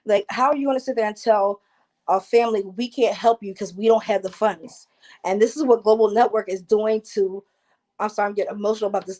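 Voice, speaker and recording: A woman's voice: mid-range voice, steady tone, a little fast, dark tone. A woman from New Jersey, an activist guest speaking with passion and frequent restarts in a panel discussion over a video call.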